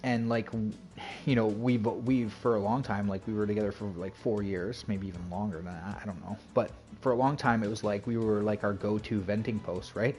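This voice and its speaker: A man's voice: lowish voice, steady tone, brisk, a little mellow, soft background music. A man chatting casually on his game stream, rambling and full of fillers and restarts. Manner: rambling, filler-heavy, self-interrupting.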